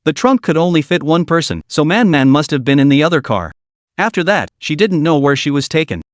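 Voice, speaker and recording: Steady male story narrator, dry sound. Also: a little high, a little fast, dry recording. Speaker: recap narrator.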